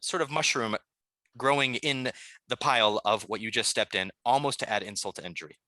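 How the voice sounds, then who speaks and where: A man's voice: mid-range voice, a little fast, pushed and bright, no echo, clean studio sound. A man running a tabletop game as game master, talking in a loose, rambling way with many fillers.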